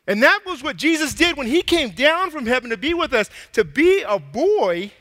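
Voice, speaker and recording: A man preaching a casual, animated sermon to a young crowd, out of breath, acting out bits of dialogue in slang. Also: very high-pitched, normal speed, few pauses, big-room sound.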